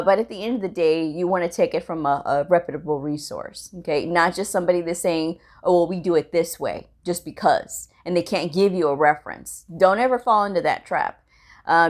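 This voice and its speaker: A woman's voice: on the low side, a little fast. Blunt woman giving career advice. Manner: blunt, direct, laughs often. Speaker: medical coding channel host. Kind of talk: casual career advice vlog.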